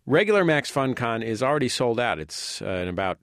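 A man's voice: medium pitch, very animated, fairly quick, fairly bright tone, no room sound, clean studio sound. A man hosting a podcast, introducing a comedy clip and reading announcements casually. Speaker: podcast host. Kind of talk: show announcement.

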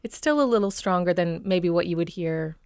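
A woman's voice: on the low side, brisk, darkish tone, clean tone, dry recording, studio quality. Minnesotan woman explaining accents. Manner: enthusiastic, explanatory, frequent ums. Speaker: dialect coach. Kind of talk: expert guest in radio talk.

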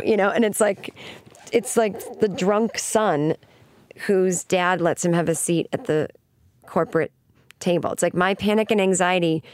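A woman comedian from Boston, telling stories in an interview with lively comic timing and acted-out quotes. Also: a little slow, dry recording. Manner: animated, comic, acts out quotes in high voices. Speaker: comedian guest. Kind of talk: storytelling interview.

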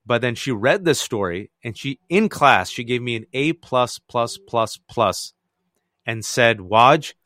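A man in his forties from the United States, telling childhood stories as an interview guest, lively and acting out family members' voices. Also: unhurried, no room sound. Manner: lively, acts out family voices with big jumps in pitch. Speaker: guest author. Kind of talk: animated storytelling in an interview.

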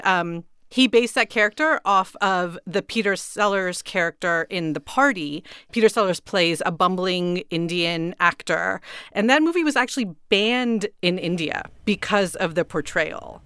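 Woman host, inquisitive and upbeat, smooth clear voice, dry close mic. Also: on the low side, a bit bright, dry recording. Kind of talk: panel discussion moderating.

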